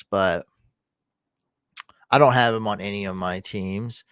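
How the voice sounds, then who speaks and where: A man hosting a live fantasy football stream, casually answering viewer comments and often breaking into excited, loud cheering. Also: lowish voice, dry recording, clean studio sound. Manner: answers chat comments quickly. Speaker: fantasy football livestream host.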